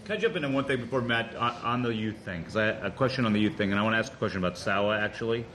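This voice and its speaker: A man on a board, speaking in a meeting in a conversational, halting way with repeated words. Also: fairly low pitch, a bit bright, a little hiss or hum. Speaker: board member.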